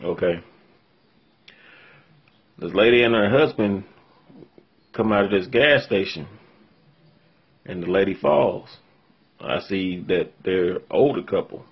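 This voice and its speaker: A man's voice: fairly low pitch, slightly rough, dull audio. A man talking straight to his viewers, recounting something hard that happened to him, earnest and shaken after crying. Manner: earnest, heartfelt, addresses viewers directly. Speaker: vlogger recounting a personal event. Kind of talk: emotional first-person story to camera.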